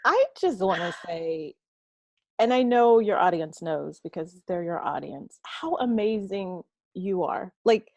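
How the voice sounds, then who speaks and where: A woman in her thirties, a podcast guest who works as a teacher, talking warmly and emotionally with a friend and laughing often. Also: on the low side, lively intonation, a little slow, no echo. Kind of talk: casual chat.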